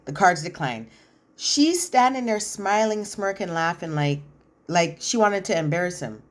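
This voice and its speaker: A woman at a fairly low pitch speaks a little slowly while recapping a reality show. Her take is casual and opinionated, with animated scene retellings and slang asides.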